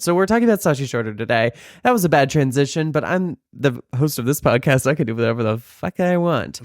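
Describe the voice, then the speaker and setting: Male podcast co-host, camp and profane, clear resonant tone, dry sound. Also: mid-range voice, animated, fast talker, hardly any pauses, no echo. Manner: theatrical, profane, joking. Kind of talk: casual chat.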